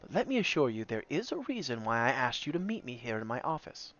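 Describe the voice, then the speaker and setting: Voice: medium pitch, very animated, fast talker, fairly bright tone, lo-fi sound. A man doing a stiff, pompous school principal. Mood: formal. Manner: stiff, overly polite, long-winded.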